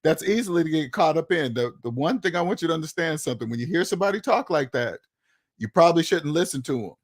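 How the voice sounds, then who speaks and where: A man's voice: a little high, animated, fast talker. A man hosting his own channel, talking to his viewers in a casual monologue, emphatic and repetitive, firing off rhetorical questions. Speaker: channel host.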